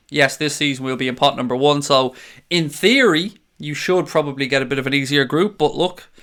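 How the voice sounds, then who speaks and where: Reading viewers' comments on a live fan stream, the young Irish host chats in a casual, blunt, sweary manner. He speaks in a mid-range voice with a sharp, clean tone.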